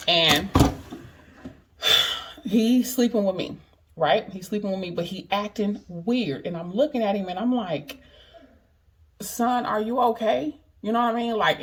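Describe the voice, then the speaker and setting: A woman's voice: mid-range voice, noisy background. Chatty woman telling a story on camera. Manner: chatty, keeps asking "you know what I mean"; earnest, emphatic retelling. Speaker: vlogger. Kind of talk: casual storytelling chat.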